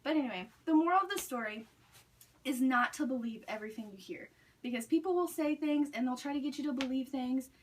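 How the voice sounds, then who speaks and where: A student speaker narrates a story in a chatty manner, leaning heavily on "like" as a filler. Her voice sits high and moves fairly quickly, with a little hiss or hum in the distantly recorded audio.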